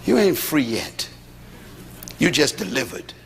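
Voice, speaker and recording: A middle-aged man preaching a sermon to an audience, lively, with rhetorical questions and humorous storytelling. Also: medium pitch, measured pace, creaky, slight background noise. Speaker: pastor. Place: large hall with audience. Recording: echoey hall, faint ambience.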